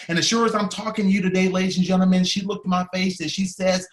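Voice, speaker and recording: A man giving an emotional storytelling speech, heartfelt and dramatic, shifting between loud and hushed. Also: high voice, little pitch movement, fast talker, hardly any pauses, roomy sound. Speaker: speaker at a staff training day.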